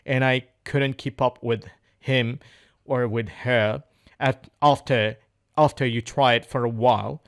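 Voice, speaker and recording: A man's voice: medium pitch, a little slow. A man speaking in an unscripted practice monologue, hesitant and searching for words, often repeating phrases as he goes. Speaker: English learner recording speaking practice.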